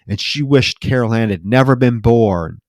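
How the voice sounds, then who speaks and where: A man's voice: mid-range voice, normal speed, darkish tone, no room sound. A man co-hosting a podcast, casually recapping a film and acting out its lines with lots of fillers. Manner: retells scenes acting out lines, filler-heavy. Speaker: podcast co-host. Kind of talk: casual movie recap chat.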